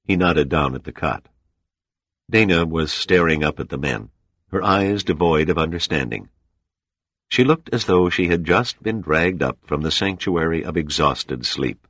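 A man reading an audiobook as narrator, steady and measured. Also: extremely low pitch, dry recording. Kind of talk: scripted narration.

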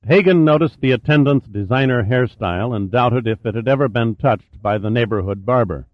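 A man reads thriller narration in a steady, measured voice at a middle pitch. The recording is dry and a little muffled, with no room sound at all. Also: dry recording. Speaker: audiobook narrator.

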